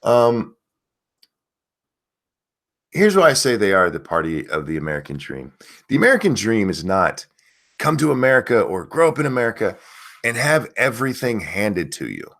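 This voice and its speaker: A man's voice: normal speed, pauses often. A man hosting a casual livestream, ranting with a lot of profanity and reading viewer comments aloud. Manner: lively pitch, mocking voices. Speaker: streamer host.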